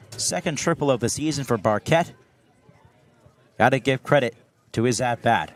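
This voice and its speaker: A young man doing baseball play-by-play commentary, steady between pitches and climbing high and loud on big plays. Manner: steady calls that rise sharply on big plays. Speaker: play-by-play announcer.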